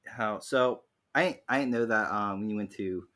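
A young man co-hosting a podcast, talking casually and hesitantly with many pauses and restarts. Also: lowish voice, bright, forceful tone. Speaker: podcast co-host. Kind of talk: casual chat.

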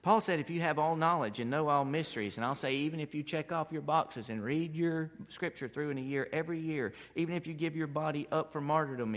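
A man preaching a sermon with passion, building to loud emphatic peaks and then dropping low and quiet. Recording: long hall reverb.

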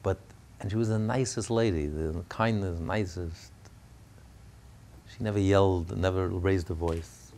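Guy with a lowish voice telling a family story as a sermon, chatty, lots of restarts, gets fired up. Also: steady tone, unhurried, a little mellow. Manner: conversational, with fillers and restarts, rising to fervent peaks.

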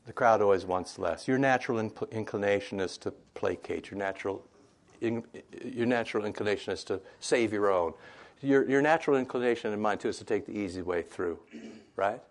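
A man with a fairly low voice teaches scripture in a loose, conversational way. He recasts the old story in modern slang and keeps checking in with his listeners. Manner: chatty, keeps asking "right?", retells scripture in modern slang. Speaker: Bible teacher. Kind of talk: informal scripture lesson.

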